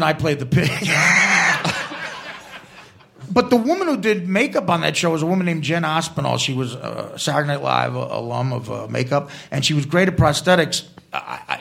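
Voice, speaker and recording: Gravelly high-voiced man telling stories. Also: animated, normal speed, fairly bright tone. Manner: profane, rambling anecdotes with self-mocking punchlines. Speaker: comedian guest. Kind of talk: comedic storytelling.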